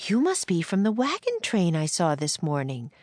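A woman reading aloud plays a gentle frontier schoolteacher with a proper, encouraging way of speaking. The teacher's voice sits somewhat above the reader's own low voice. It is recorded dry and close. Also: wildly swooping pitch, moderate pace, no room sound. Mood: kindly.

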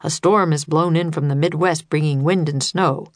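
A woman's voice: low voice, fairly even intonation, normal speed, dry recording, lightly acted. A woman reading the lines of a tall, thin, courteous male weather official in a storybook, explaining things patiently.

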